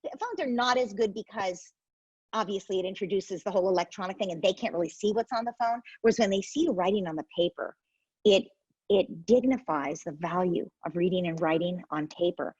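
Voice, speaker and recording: A woman's voice: medium pitch, brisk, a little mellow, slightly rough, no echo, lo-fi sound. A woman, a parenting expert guest, explains her method in an interview and acts out what parents and children say.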